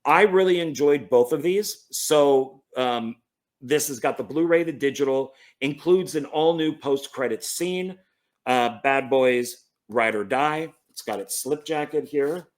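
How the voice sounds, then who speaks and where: This man, a movie collector, talks through his film collection at a measured pace in a medium-pitched voice. It's a relaxed, enthusiastic ramble, with self-corrections and stumbles over names.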